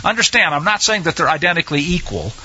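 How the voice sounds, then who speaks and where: Male bible teacher, bright voice, husky edge, lively pitch, dull lo-fi recording. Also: fast talker. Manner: musing, asks himself questions aloud. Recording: dull lo-fi sound.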